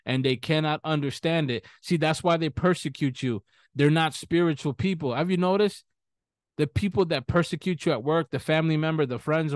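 A man preaching a sermon in an emphatic way, reading scripture references slowly and repeating them. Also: medium pitch, no echo.

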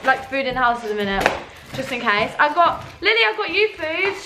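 A woman's voice: high voice, sing-song, brisk, very noisy. A woman in a casual vlog, playful and teasing as she talks. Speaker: vlogger.

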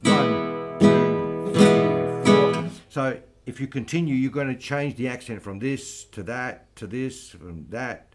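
A man teaching flamenco guitar, explaining strumming patterns slowly and patiently. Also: medium pitch. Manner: slow, patient, counts aloud over playing. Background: flamenco guitar playing.

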